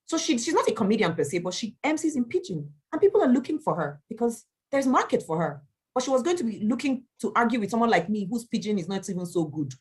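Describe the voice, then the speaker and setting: A woman, an event MC answering questions in a motivational talk, emphatic and animated as she tells stories. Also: on the high side, fast, slightly rough. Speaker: event MC and speaker.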